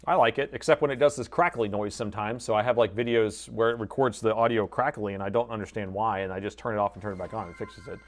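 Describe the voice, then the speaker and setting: A man's voice: fairly low pitch, fairly even intonation, fast talker, few pauses. A man live-streaming laptop repair from his desk, chatting casually and reading viewer comments aloud, on a lapel mic. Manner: chatty, reads chat aloud, self-deprecating.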